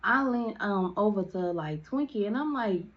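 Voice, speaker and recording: A woman's voice: medium pitch, expressive, moderate pace, dull audio. A young woman chatting through a storytime in a casual, slangy way, with lots of "like" fillers.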